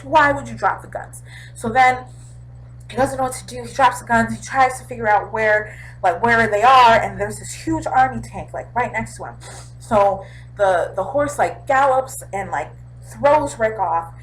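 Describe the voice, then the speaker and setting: Animated young woman recapping a show. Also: fairly high pitch, slight background noise, rough recording. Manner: animated, sound effects and quoted voices. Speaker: vlogger recapping a TV episode. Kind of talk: casual chat.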